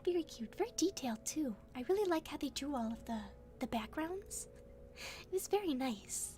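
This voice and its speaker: Young woman, high voice, soft ASMR reading, gentle, giggly, faint music behind. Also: animated, moderate pace. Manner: gentle, giggly, softly spoken. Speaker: ASMR streamer.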